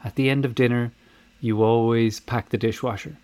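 Male host, casual chat, jokey and animated, mid-pitched. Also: normal speed, smooth, no echo. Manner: joking, animated. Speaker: podcast host. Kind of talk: casual chat, reading a listener's email.

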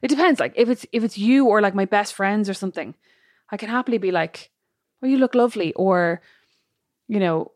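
A fast-talking woman co-hosting a podcast in casual chat. Her voice leaps up in pitch when she gets going, and the recording sounds close and dry. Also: dry recording. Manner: animated, pitch jumps high when storytelling. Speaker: podcast co-host.

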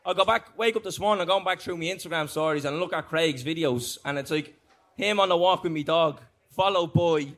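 A man hosting a live podcast show, telling an anecdote in a chatty, quick-fire way. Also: a little high, fairly bright tone. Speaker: podcast host. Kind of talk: live comic storytelling. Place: live festival stage.

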